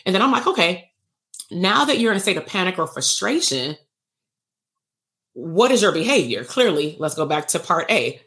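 A woman's voice: on the low side, big pitch swings, normal speed, pauses often, fairly bright tone. A woman hosting a live online workshop, telling a story casually and animatedly, acting out dialogue and laughing often. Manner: casual and salty, with frequent laughs. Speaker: bootcamp host and therapist coach.

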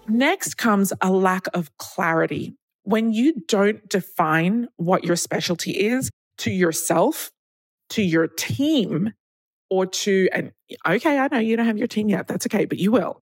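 A woman's voice: medium pitch, lively intonation, unhurried, soft background music. A woman hosting a solo podcast, talking in a chatty, candid way and acting out the people she quotes. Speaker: podcast host.

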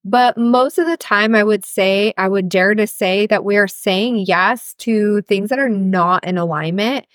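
A woman's voice: medium pitch, dry recording, studio quality. Chatty, frank woman podcaster. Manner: chatty, frank, cusses freely. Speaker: podcast host and healer coach. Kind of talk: casual solo podcast talk.

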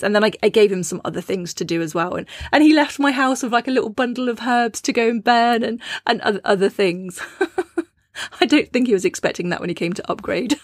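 A woman hosting a spiritual talk in a chatty, anecdotal manner. She laughs often as she explains things. Her voice sits at a middling pitch and sounds dry and close, with no room sound. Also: normal speed, no echo. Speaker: podcast host. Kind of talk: casual spiritual teaching talk.

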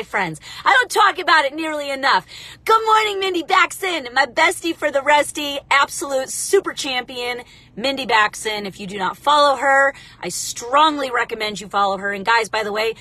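Bright, husky-voiced motivational woman. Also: on the high side. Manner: energetic, chatty, direct to viewers. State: congested with allergies, clearing throat. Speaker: motivational livestream host. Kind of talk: casual motivational talk.

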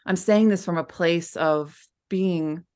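A lowish, slightly mellow voice belongs to a woman guesting on a podcast as a former client. Speaking slowly, she rambles candidly and warmly through the interview, restarting many times.

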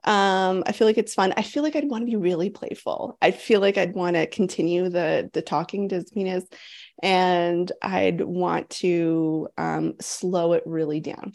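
A woman's voice: lowish voice, creaky, a little mellow. A woman coach in her thirties talking candidly to an online group, giggling often and speaking in a rush of feeling. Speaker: sex coach leading a group program. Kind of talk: casual talk to a live online group.

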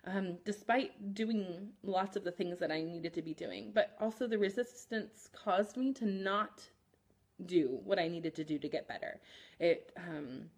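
A woman therapist in her thirties hosting a podcast, speaking gently and candidly about her own experience, with frequent pauses and "um" fillers. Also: fairly low pitch, husky. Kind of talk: reflective personal talk.

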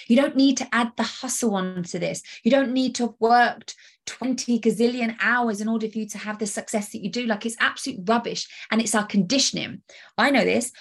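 A woman hosting a solo coaching podcast, talking energetically and emphatically straight to the listener. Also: fairly high pitch. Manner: energetic, emphatic, direct address with rhetorical questions.

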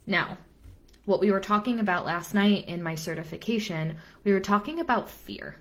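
A woman's voice: medium pitch, moderate pace, a bit bright. A young adult woman business coach giving an earnest live-stream talk, repeating phrases for emphasis and dropping casual asides.

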